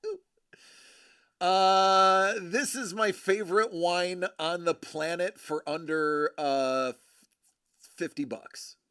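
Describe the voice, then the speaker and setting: A man's voice: high-pitched, slow pace, pushed and bright, clean tone, no echo, clean studio sound. A male host chatting casually and enthusiastically while showing a wine bottle, rambling with many fillers and restarts. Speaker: host of a collecting channel.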